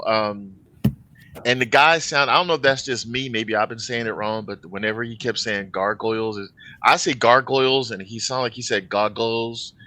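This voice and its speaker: Male reaction co-host, lowish voice with a bright, forceful edge, chatty and candid. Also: no echo. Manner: chatty, animated questions, candid opinions. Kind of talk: casual chat reacting to a song.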